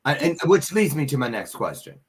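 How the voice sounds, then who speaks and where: A man's voice: mid-range voice, sing-song, brisk, a little hiss or hum. A man in his sixties hosting an interview, asking eager follow-up questions. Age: 60s. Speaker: podcast host. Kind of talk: interview conversation.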